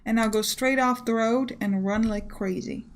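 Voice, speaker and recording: A woman's voice: a little high, steady tone, normal speed. A woman hosting a let's play, chatting casually and urging herself on with a self-mocking tone. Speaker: gaming video host.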